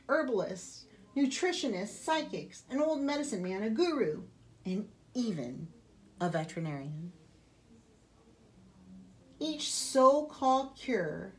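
With a mid-range voice, a female librarian gives an expressive reading of a children's picture book.

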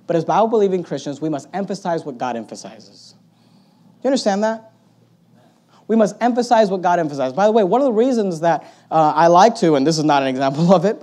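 A male pastor preaching a sermon in an animated way, swinging between loud emphatic bursts and quiet asides, with a sarcastic edge. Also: high-pitched. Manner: sarcastic, mocking quoted opponents in put-on voices.

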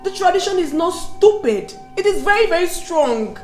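A young Nigerian wife in a film drama, pleading and soothing in a high voice. The sound is roomy, with faint music under it. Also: female voice, expressive, moderate pace, darkish tone. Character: young wife pleading with her angry husband.

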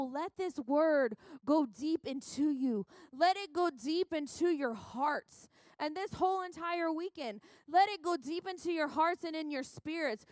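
Young woman pastor, high voice, dry close sound, fervent exhorting sermon, church. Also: no room sound. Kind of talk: preaching at a women's conference. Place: church sanctuary.

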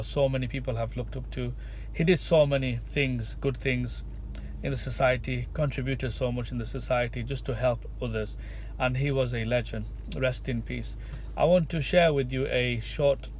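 A man's voice: mid-range voice, steady tone, normal speed, a little mellow, a little hiss or hum. A man who vlogs and runs a restaurant, speaking in a casual tribute to camera with earnest, repetitive, heartfelt phrasing. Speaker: vlogger and restaurant owner.

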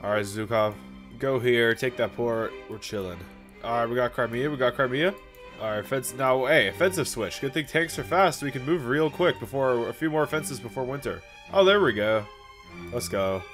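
Man, casual gameplay commentary, chatty and joking, middle pitch, faint music behind. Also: lively intonation, normal speed, a bit bright. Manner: chatty, joking, talks to viewers. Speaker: gaming YouTuber.

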